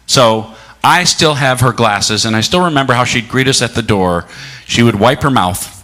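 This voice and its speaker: Bright-voiced man giving a reflective sermon. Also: mid-range voice. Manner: reflective, asking listeners many rhetorical questions, slowing down for emphasis. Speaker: guest speaker at a church service.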